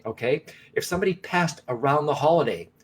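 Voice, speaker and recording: A man's voice: a little high, animated, brisk. A man co-hosting a live broadcast as a psychic medium, speaking earnestly and reassuringly straight to his viewers, often restarting and repeating phrases.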